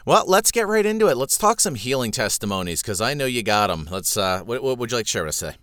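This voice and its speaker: Man, podcast host, smooth clear voice, dry close sound, upbeat. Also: medium pitch, sing-song, quick pace, a bit bright, no echo. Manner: upbeat, jokey introductions. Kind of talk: casual podcast interview.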